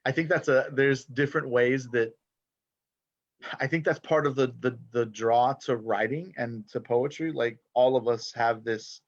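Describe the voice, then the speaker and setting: Animated man in his forties. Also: medium pitch, measured pace, dry recording, dull audio. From Texas. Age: 40s. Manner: animated, many "like" fillers, mixes in Spanish. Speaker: poet guest. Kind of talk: casual conversation.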